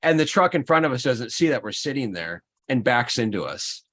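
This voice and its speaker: Male stream host, average pitch; lively, rambling anecdote-teller. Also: brisk. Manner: animated storyteller, rambling restarts. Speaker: livestream host. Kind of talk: casual chat.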